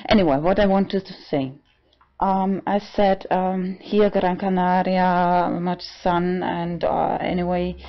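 A trans man in his forties talking casually in a vlog. He is halting and often breaks into laughter. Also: high voice, level tone, dull audio. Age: 40s. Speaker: vlogger.

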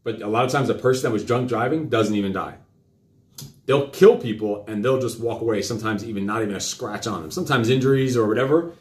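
A middle-aged man hosting a live talk show, lecturing his child in a fast, rambling way full of questions. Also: mid-range voice. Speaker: host. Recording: roomy echo.

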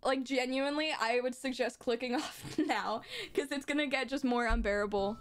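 A woman's voice: high-pitched, normal speed. A young woman streaming a game live, giggling and reacting in bemused disbelief as she reads its text aloud.

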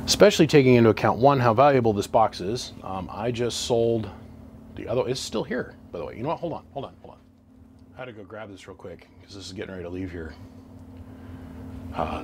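Man, low voice, rambling storyteller, home workshop, loud hum behind. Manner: rambling, chatty, salty. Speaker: radio repair vlogger. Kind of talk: casual storytelling to camera.

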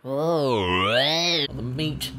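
A young man giving excitable, swear-filled let's play commentary as a YouTuber. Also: medium pitch, drawn-out words, very noisy. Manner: excitable, swears a lot, bursts into yelps. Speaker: gaming YouTuber.

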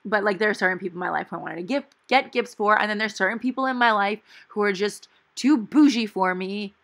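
A woman's voice: medium pitch, fast talker, fairly bright tone. A young woman in her twenties talking casually and rambling through her week as a planner vlogger, with playful asides. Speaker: planner vlogger and dental hygiene student. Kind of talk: casual chatty voice-over while planning.

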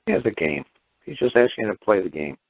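A man talking casually on a call-in show, piling up rhetorical questions in an animated way. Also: on the low side, quick pace, creaky, dry recording. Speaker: guest caller explaining legal ideas. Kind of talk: casual phone-in talk. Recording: tinny phone line, dry.

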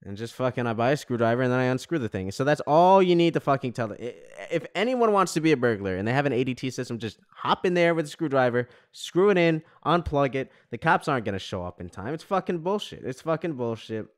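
A man's voice: mid-range voice, big pitch swings, fast talker, hardly any pauses. A young man from New York telling a story in a profane, exasperated rant as a podcast host. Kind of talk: ranting casual monologue.

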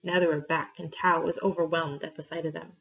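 A woman reading a story aloud to her class, clear and steady, pausing for questions. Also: low voice. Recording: dull lo-fi recording.

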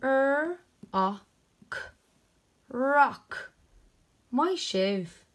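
Slow-sounding woman teaching phonics. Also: mid-range voice. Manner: slow, sounds out letters one by one. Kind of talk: phonics lesson for children.

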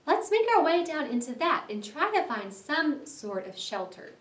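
A woman voicing a brisk, practical male water rat with a bossy, exclaiming manner, read aloud for a class. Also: high-pitched, sing-song, roomy sound, recorded from a distance, voice pushed up.

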